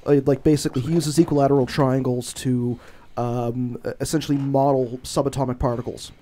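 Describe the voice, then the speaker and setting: A man hosts a podcast and puts his ideas to his guest in halting speech, full of fillers and restarts. His voice is mellow and warm at a middle pitch. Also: little pitch movement. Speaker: podcast host. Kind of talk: casual podcast conversation.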